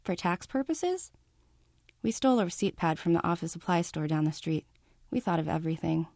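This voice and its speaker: A woman reading her own novel aloud, calm and measured in first person. Her voice sits lowish and mellow, and the recording is close and dry with no room around it. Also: gravelly, no echo. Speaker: author.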